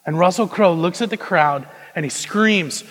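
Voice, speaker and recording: A man's voice: high voice, normal speed. Young male preacher in an echoing hall. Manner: swings from hushed intensity to loud emphatic preaching. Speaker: pastor. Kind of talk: sermon. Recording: long reverb of a large hall.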